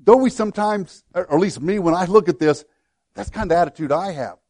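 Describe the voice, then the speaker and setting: Man, middle-aged, pastor, sermon, slightly high voice, dry sound, earnest conversational delivery. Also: brisk, darkish tone, dry recording. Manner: earnest, conversational preaching that acts out quoted prayers.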